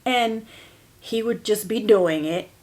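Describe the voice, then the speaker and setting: A woman hosting a podcast and telling a personal story candidly, often laughing through painful memories and speaking straight to her listeners. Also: takes it slowly. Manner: shifts between soft, hushed lines and bursts of higher, louder emphasis. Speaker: podcast host.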